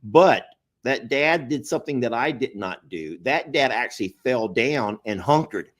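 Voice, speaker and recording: A man's voice: medium pitch, expressive, measured pace, fairly bright tone. A middle-aged man telling stories in casual chat, rambling and laughing often. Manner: rambling storyteller, laughs a lot, does voices in quotes. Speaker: co-host.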